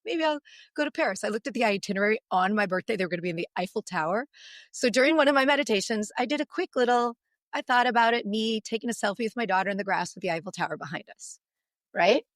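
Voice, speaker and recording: A woman in her forties, a podcast guest, telling a long, emotional story in an animated, long-winded way. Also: mid-range voice, fast talker, no echo, clean studio sound.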